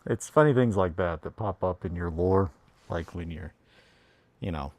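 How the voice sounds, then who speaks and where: A man with a fairly low voice chats casually while he builds models. He rambles, swears freely and restarts sentences. He sits right on a close mic in a dry, dead room. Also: moderate pace, darkish tone, no room sound. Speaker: hobby streamer. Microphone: close desk mic.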